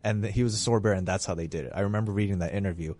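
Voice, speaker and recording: Man, low voice, podcast host, casual gaming talk, eager and rambly. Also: rapid-fire, a little mellow. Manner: enthusiastic, rambling with restarts.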